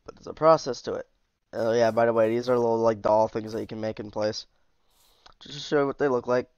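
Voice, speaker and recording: A man's voice: mid-range voice, steady tone, fairly quick, darkish tone, clean tone, dry recording, lo-fi sound. A man casually commenting as he shows off a game mod, easygoing and chatty, sounding tired. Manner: chatty, easygoing, with asides and trailing off. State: tired, yawning. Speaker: mod reviewer.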